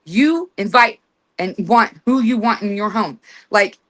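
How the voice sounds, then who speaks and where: Brief: woman host, chatty and emphatic, mid-pitched voice, casual instructional radio talk. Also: lively intonation, unhurried, fairly bright tone. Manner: chatty, emphatic, acts out commands with authority.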